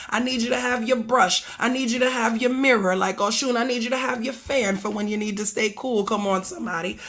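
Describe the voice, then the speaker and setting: A woman from Harlem leading a prayer service, preaching in a rhythmic call-and-response style with repeated exhortations, chanted prayers and song, her voice slightly hoarse. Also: fairly high pitch, a bit bright. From Harlem, New York.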